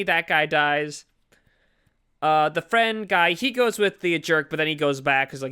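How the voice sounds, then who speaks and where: Bright, clear-voiced man recapping a movie. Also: on the high side, expressive, moderate pace. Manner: rambling, lots of fillers and acted-out quotes. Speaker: podcast co-host.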